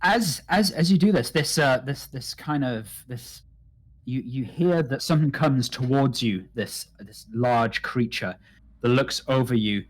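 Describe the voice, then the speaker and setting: A man narrating a tabletop game as game master, halting with many restarts. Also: medium pitch. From United Kingdom.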